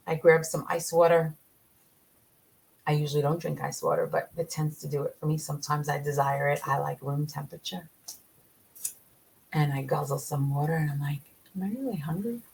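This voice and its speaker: A woman chats to her viewers in a relaxed, encouraging vlog voice that sits on the low side. Her speech carries plenty of gravelly vocal fry. She talks in an animated way and laughs easily between her tips. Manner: chatty and encouraging, addresses viewers directly. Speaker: vlogger sharing carnivore diet meal-prep tips. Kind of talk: casual talk to camera.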